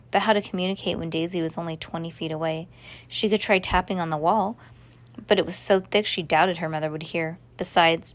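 A woman reading a children's novel aloud in a steady storytelling voice, with a few slips and restarts. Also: fairly low pitch. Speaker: reader.

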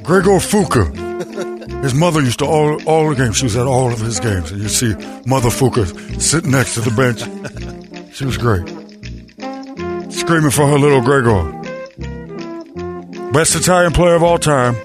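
A man's voice: medium pitch, moderate pace, long pauses, over music. A man hosting a sports radio show, full of brash, teasing trash talk and joking banter.

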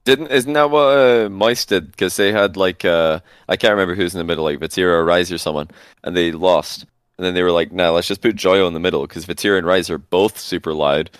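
A man's voice: low-pitched, fairly quick, clean tone, no echo, studio quality. A man co-hosting a podcast in casual chat, joking and acting out scenes with playful voices. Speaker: podcast co-host.

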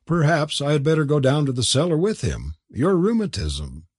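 A man's voice: fairly high pitch, very animated, moderate pace, darkish tone, breathy edge, no room sound, clean studio sound, voice pushed up. A man voicing a gracious, proper middle-aged hostess.

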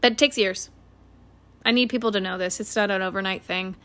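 A woman's voice: medium pitch, steady tone, brisk, fairly bright tone. A woman in her late twenties hosting her own podcast, giving a blunt, earnest motivational talk full of swearing. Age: 20s. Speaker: podcast host. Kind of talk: casual motivational monologue.

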